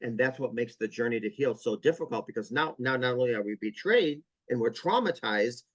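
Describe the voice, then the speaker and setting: A man's voice: mid-range voice, expressive, a little fast, dry recording, muffled recording. A man speaking as a trauma counselor on an interview podcast, explaining earnestly with vivid stories and repeated emphasis.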